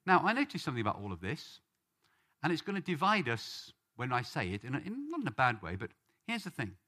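A man's voice: medium pitch, huge pitch swings, a little fast, bright, forceful tone. A man from Britain giving an earnest sermon-style Bible teaching and leading a study group. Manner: earnest, rising on questions and names.

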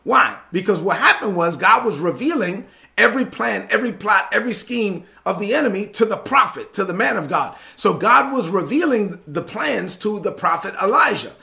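A male preacher delivers a sermon in an emphatic, repetitive cadence. His voice sits high with a gravelly fry and a bright, forceful ring. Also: animated, moderate pace.

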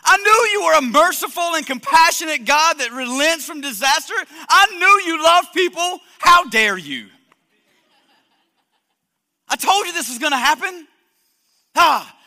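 A man preacher voicing an angry, sulking prophet who complains loudly and near shouts, heard in an echoey hall. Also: very high voice, animated, quick pace, hardly any pauses, voice pushed up, full character voice. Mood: angry, exasperated. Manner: loud, exasperated, near shouting.

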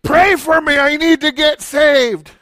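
A man's voice: steady tone, slow, fairly bright tone, dry recording, clean studio sound, exaggerated voice. A man voicing a desperate drunk man pleading to be prayed for. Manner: high desperate begging.

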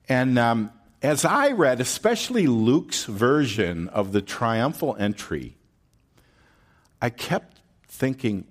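A man preaching a sermon, teaching from scripture with rhetorical questions and frequent check-ins with the congregation. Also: medium pitch. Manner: animated preaching, slow and deliberate with drawn-out words. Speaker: pastor.

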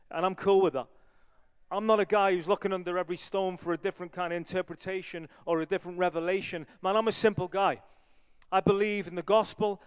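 Earnest evangelist preaching in a reverberant church. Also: male voice, high voice, smooth. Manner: conversational, earnest, many fillers. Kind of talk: sermon.

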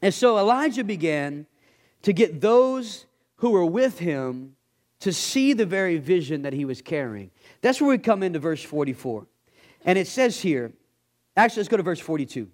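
A male guest pastor, delivering an animated sermon in a slightly high voice that swings widely in pitch. He keeps dropping into quieter, lower voices to act out the people in his story. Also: moderate pace. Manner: animated, acts out bible characters in dropped voices.

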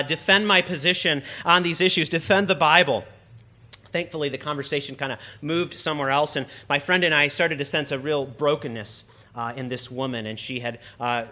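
A young priest delivers a sermon in a conversational way, tossing humorous asides to his listeners. His voice is bright and forceful, sitting a little high for a man.

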